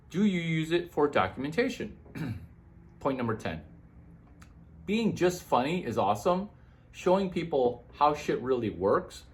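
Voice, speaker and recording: A man, a comedian, talking through numbered business tips in a jumpy monologue full of quick asides and sudden leaps in pitch. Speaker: comedian giving business advice.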